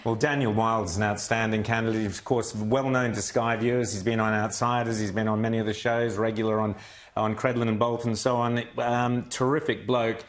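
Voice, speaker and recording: A man hosting a TV interview, brisk and agreeable, affirming what his guest says. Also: lowish voice, flat delivery. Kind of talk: casual interview talk.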